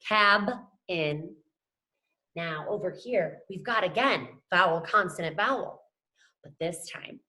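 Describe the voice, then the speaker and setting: A woman's voice: fairly low pitch, sharp tone. A young adult woman teacher giving a phonics lesson to children, upbeat and encouraging, talking to them as friends. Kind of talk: scripted classroom lesson to camera.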